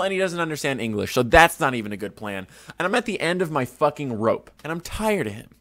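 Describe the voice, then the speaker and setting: A man's voice: on the high side, very animated, fast, fairly bright tone, dry recording. A young man hosting a podcast from his home studio, telling rambling stories with crude, self-mocking jokes. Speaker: podcast host. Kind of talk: casual rambling monologue.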